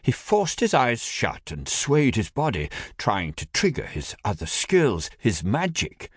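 A man narrating an audiobook in an expressive, steady storytelling manner. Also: mid-range voice, a little slow, breathy edge, dry recording.

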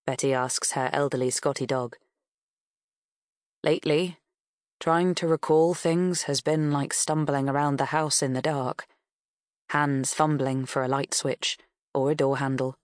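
A woman narrating an audiobook in a measured, even storytelling manner. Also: very deep voice, no echo, clean studio sound.

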